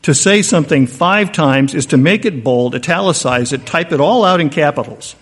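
A pastor preaching a conversational sermon, moving between raised emphasis and hushed, quiet lines. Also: male voice, on the high side, lively intonation, normal speed, slightly rough, big-room sound.

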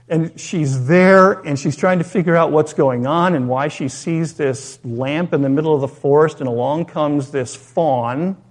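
A man preaching, his voice sitting a bit higher than most men's. He reads scripture and leads a prayer. He talks through a story in an easy, conversational way and poses rhetorical questions to his listeners. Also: darkish tone. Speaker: pastor. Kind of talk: sermon.

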